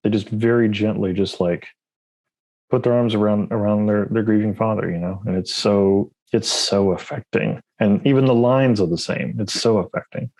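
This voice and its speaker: Man, podcast co-host, eager, rushed speech, frequent restarts. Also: on the low side, steady tone, darkish tone, rough recording. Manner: fast, enthusiastic, many restarts. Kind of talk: casual podcast chat.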